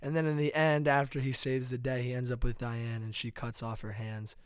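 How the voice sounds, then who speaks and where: A man co-hosting a comedy podcast, telling absurd stories in a deadpan, casual way. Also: medium pitch, moderate pace, clean tone, no echo, studio quality. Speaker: podcast co-host.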